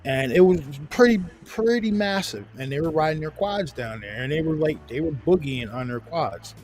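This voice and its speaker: A man's voice: on the high side, expressive, normal speed, darkish tone, faint music behind. A man with a New York accent hosting a casual chat, telling a long story with restarts and cursing. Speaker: host.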